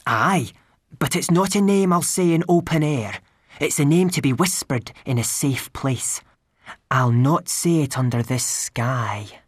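A woman's voice: low-pitched, expressive, measured pace, husky, exaggerated voice. A woman voicing a cheerful tiny male pixie clan chief with a Scottish accent, in a storybook reading. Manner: hearty, boisterous, cheerful.

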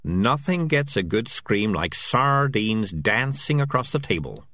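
A glib, self-satisfied talking tomcat, voiced by a man in an audiobook. He talks his way around everything with a lively, swooping pitch. The sound is close and dry. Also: dry recording. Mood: smug. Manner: fast-talking, self-justifying. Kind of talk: audiobook character voice.

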